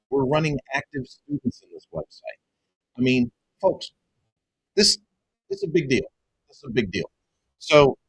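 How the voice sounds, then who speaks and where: A man who runs a web design business, giving an excited, emphatic pitch to viewers and calling them folks over and over. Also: breathy edge, low-quality recording. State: excited, half-yelling. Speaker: web design agency owner and coach. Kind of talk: energetic direct-to-camera pitch.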